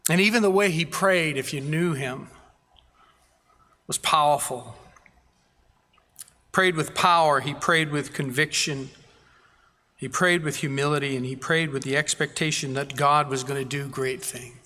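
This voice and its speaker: A pastor delivering a sermon in a slightly high, bright and forceful voice. He preaches earnestly, stacking repeated phrases for emphasis. The sound rings with the long reverb of a church sanctuary. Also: unhurried, long pauses.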